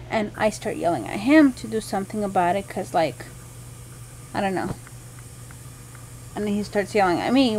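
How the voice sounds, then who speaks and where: It's nighttime at home, and a vlogging mom who is worn out and sick chats informally with her viewers, wandering on about her ill baby. The poor audio has a little hiss or hum, and her mid-range voice sounds darkish.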